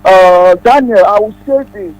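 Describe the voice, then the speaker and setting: A man's voice: high voice, unhurried, darkish tone, no echo, poor audio. A man with a Nigerian accent calling a radio show, speaking earnestly with many hesitations. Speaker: caller. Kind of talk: phone-in call on radio.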